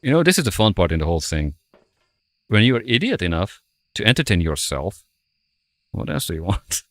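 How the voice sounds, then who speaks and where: Streaming a ghost-hunting game over a headset, a man keeps up playful, self-deprecating commentary and mutters to himself while playing. His voice sits low with big pitch swings, a fairly quick pace and a fairly bright tone, with no room sound.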